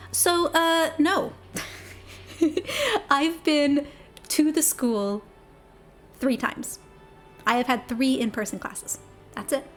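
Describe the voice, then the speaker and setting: Chatty, high-voiced young woman streamer. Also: lively intonation, slow, long pauses, faint music behind. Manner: chatty, laughs easily, reads game dialogue aloud in character. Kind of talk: casual live gameplay chat.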